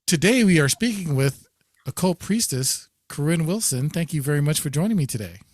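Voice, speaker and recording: A man's voice: a little high, big pitch swings, brisk, faint music behind. A man hosting an interview and giving easygoing, brief replies. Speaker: host. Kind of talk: casual interview.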